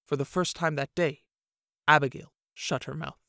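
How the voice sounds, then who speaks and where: Male narrator for a fantasy audiobook; steady, dry, close-miked read. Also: on the high side, moderate pace, creaky, no room sound.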